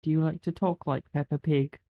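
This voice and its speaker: A man's voice: fairly high pitch, fairly even intonation, brisk, narrow, tinny audio. A man in his twenties, a guest on a podcast, chatting in an easygoing, jokey way with lots of likes. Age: 20s. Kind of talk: casual chat.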